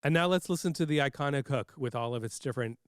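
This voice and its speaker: A man's voice: medium pitch, fast. A man co-hosting a podcast, talking playfully about mixing and sound in a casual music chat. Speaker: podcast co-host, music producer.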